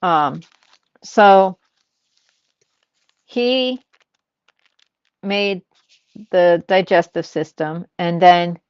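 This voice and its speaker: A woman's voice: fairly low pitch, extremely slow, pauses often, a little mellow, clean tone, dry recording, highs cut off. An older woman chatting casually as a host, telling family stories and acting out what people said. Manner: storytelling, acts out quoted lines. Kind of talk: casual chat.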